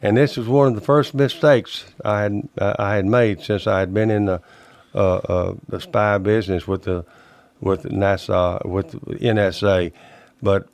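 Folksy old man, low and dry. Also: no room sound. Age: 80s. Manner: plainspoken, folksy, halting storyteller. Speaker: interview guest. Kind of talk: recounting personal memories.

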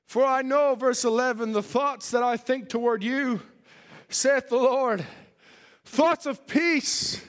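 A man delivers a fervent sermon, preaching and reading scripture in old-fashioned wording to a congregation. His voice sits unusually high for a man. The sound carries a long echo, as in a church hall. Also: takes it slowly.

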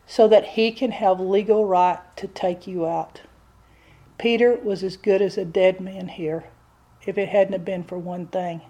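A woman's voice: mid-range voice, warm tone. A woman preacher delivering a sermon, telling a Bible story with earnest, dramatic storytelling.

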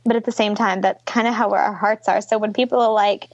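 A woman's voice: mid-range voice, steady tone, fairly quick, dry recording, dull audio. A woman in her twenties, a foster and adoptive parent, talking earnestly and casually in an interview over a video call, with lots of fillers. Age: 20s. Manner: chatty, earnest, many fillers like "like" and "kinda".

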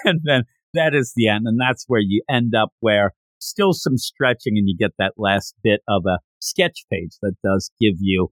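A man hosting a podcast, recapping a comic in an animated, rambling casual chat. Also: lowish voice, normal speed, few pauses, no echo. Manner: animated, rambling retelling with lots of fillers. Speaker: podcast host.

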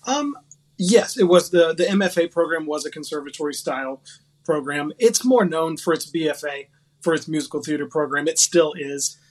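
Chatty self-mocking man, bit high-pitched. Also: expressive, normal speed. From West Virginia, US. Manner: chatty, self-mocking storyteller with frequent fillers. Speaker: podcast guest, actor. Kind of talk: casual interview chat.

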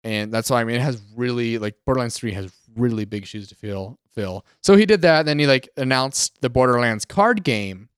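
A man, co-hosting a casual gaming podcast and retelling events in an animated way. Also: mid-range voice, normal speed, few pauses, smooth, no room sound, clean studio sound. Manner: animated storyteller, acts out quotes. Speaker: podcast co-host.

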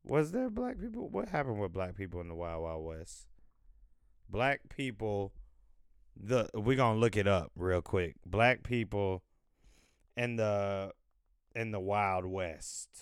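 A man from the United States rambling through casual commentary, thinking aloud and swearing freely. His voice is smooth and resonant, and he takes his time with each thought. The sound is close and dry, with no room echo. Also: fairly low pitch, big pitch swings, takes it slowly. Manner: loose, profane, thinking aloud. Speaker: podcast host.

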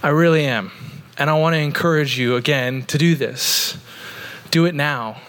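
A man's voice: a little high, moderate pace, a bit bright. A man in his thirties from Oregon, preaching a sermon in a church in an earnest, conversational way, with lots of "like" fillers. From Oregon, USA. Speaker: pastor. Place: church sanctuary.

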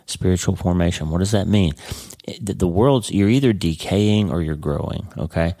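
Low-voiced guy hosting a podcast, earnest, keeps repeating himself, dry close sound. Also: animated, moderate pace, mellow, dry recording. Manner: earnest, emphatic, repeats words. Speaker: podcast host. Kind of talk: casual spoken monologue.

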